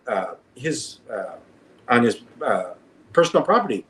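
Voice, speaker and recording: A man's voice: mid-range voice, moderate pace. A man telling a street story in casual conversation, often laughing and acting out the voices of others. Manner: animated, laughing, acts out voices in anecdotes. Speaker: guest storyteller.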